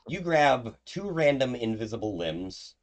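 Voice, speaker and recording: A man's voice: medium pitch, very animated, measured pace. A man narrating as the game master of a tabletop game, in a loose, chatty way with fillers.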